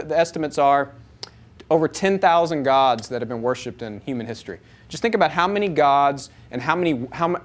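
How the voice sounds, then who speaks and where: A man teaching a live audience, animated, asking them many rhetorical questions. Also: on the high side. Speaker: Bible teacher.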